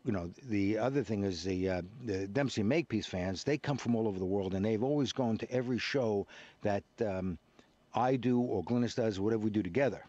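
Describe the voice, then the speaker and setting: An older man with a lowish voice and a Brooklyn accent worn down into something transatlantic. He chats easily as a radio guest, rambling through stories and sprinkling in "you know.". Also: brisk, dark tone, highs cut off. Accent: Brooklyn accent softened by years in Britain, transatlantic. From Brooklyn, New York. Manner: chatty and anecdotal, with frequent "you know" and laughs. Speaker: actor, interview guest. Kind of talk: relaxed radio interview chat.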